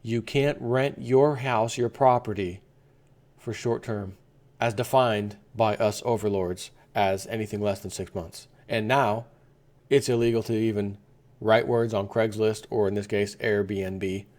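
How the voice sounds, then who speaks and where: A man's voice: lowish voice, steady tone, a little slow, darkish tone. Indignant rambling male vlogger. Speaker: vlogger host. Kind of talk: opinion commentary vlog.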